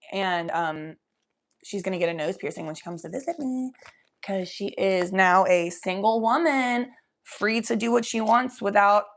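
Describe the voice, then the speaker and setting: Young woman livestream host, casual and stoned, giggly and profane, mid-pitched with a creaky, gravelly edge. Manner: giggly, profane, loose and chatty. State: high from smoking weed. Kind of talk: casual chat reading viewer comments.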